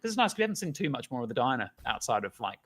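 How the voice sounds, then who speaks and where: Man, mid pitch, lively storyteller, acts out bits with laughter. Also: rapid-fire, slightly rough. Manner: animated storytelling, acts out characters. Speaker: co-host, animator. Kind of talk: casual chat.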